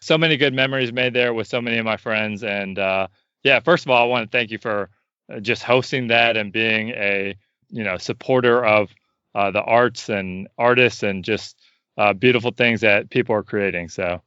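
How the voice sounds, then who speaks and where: A podcast host with a fairly low, bright, forceful, smooth voice introduces a guest and chats with him in a friendly, loose interview at normal speed, full of fillers and restarts. The sound has no echo, but the highs are cut off.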